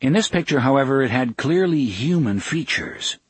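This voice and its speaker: A man's voice: medium pitch, animated, normal speed, husky, no room sound. A man reading a novel aloud as audiobook narrator, expressively voicing each character. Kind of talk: scripted narration.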